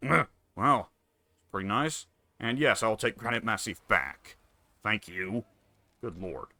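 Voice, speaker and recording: Wry, bright-voiced man musing over a game. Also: fairly low pitch, expressive, slow pace, no echo. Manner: musing, wry, mutters to himself. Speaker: gameplay commentator. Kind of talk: casual strategy game commentary.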